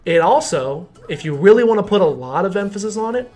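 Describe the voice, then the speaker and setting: A man's voice: sits high, animated, fairly quick, a little mellow. A young man streaming a game, rambling jokily with mock-serious explanations, faint game music behind. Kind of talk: casual gameplay commentary.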